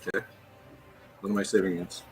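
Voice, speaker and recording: A man's voice: fast, faint music behind, poor audio. A man playing in a tabletop game, matter-of-fact and a little hesitant as he reads out his rolls. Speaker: player. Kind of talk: casual tabletop game play.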